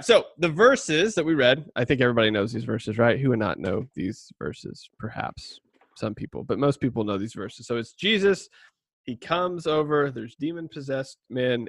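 A man's voice: mid-range voice, fairly bright tone, dry recording. A man hosting a casual podcast, a former youth pastor who rambles with many fillers, jokes at himself and reads scripture aloud on a cheap mic. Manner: rambling, self-deprecating, many fillers and laughs. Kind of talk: casual chat and scripture reading. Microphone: cheap budget mic.

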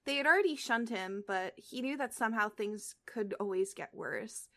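A woman's voice: mid-range voice, animated, moderate pace, sharp tone. A young woman reading a story aloud on a casual podcast, stumbling and restarting now and then. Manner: reads aloud with slips and restarts, breaks off into chat full of "like". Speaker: podcast co-host reading fan fiction aloud.

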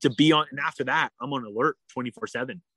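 A man telling a story in a casual interview, animated and full of "like", acting out what people said. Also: medium pitch, fast, dry recording. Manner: animated, heavy use of "like", acts out quoted dialogue. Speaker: guest.

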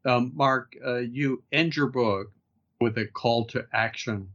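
Slow-talking male interview host. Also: medium pitch, fairly bright tone, highs cut off. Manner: unhurried, reads quotes before asking. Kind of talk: podcast interview questions.

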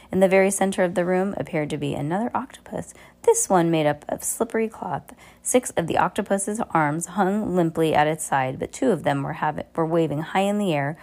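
A woman's voice: fairly low pitch, darkish tone. Casual woman reading a novel aloud. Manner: casual, with stumbles and asides.

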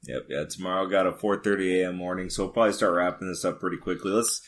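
A man's voice: low voice, fairly even intonation, fast talker. A man co-hosting a podcast in casual chat, getting over an illness with a cough, steering the talk. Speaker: podcast co-host.

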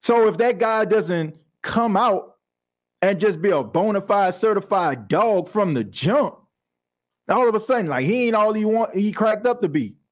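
A man hosting a podcast, talking sports in an animated, conversational way with plenty of slang. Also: sits high, unhurried. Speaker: podcast host. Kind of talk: casual sports talk.

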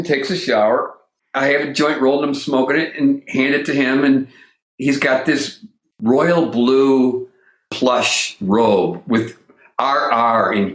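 A man telling a funny personal story in a casual, animated way and acting out the voices he quotes. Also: medium pitch, reverberant. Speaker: comedic actor telling a story.

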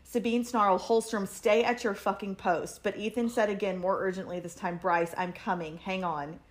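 An effusive woman co-hosts a relaxed book-club podcast and is quick to tear up. Her pitch sits in an ordinary middle range. She talks in looping, restarting sentences and also reads passages aloud. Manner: effusive, easily moved to tears, rambling restarts. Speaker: podcast co-host. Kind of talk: casual book chat, reading passages aloud.

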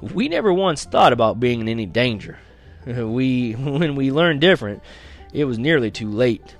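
A man reading a first-person frontier story aloud, lively and dramatic, slowing down at tense moments. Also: medium pitch, soft background music. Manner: lively, dramatic, slows for action beats. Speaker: audiobook reader.

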